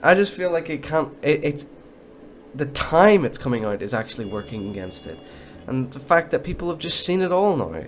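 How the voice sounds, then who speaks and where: A man with a somewhat high voice rants heatedly, swearing constantly as he tears into games. Faint music plays quietly under his monologue. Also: big pitch swings, moderate pace. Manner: profane, heated, sweary rant. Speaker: gaming commentator. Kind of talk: ranting monologue.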